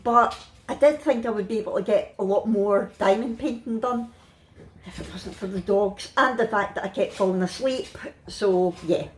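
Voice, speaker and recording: A woman's voice: medium pitch, normal speed. Woman, Scottish accent, middle-aged, tired, chatty, laughs a lot, casual vlog from bed at home. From Scotland. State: worn out. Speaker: family vlogger.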